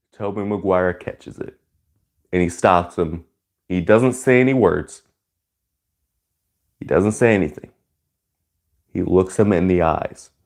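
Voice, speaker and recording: A man reviews a movie in a loose, rambling way, saying "like" and "you know" constantly. He breaks into loud, high-pitched cheers when something excites him.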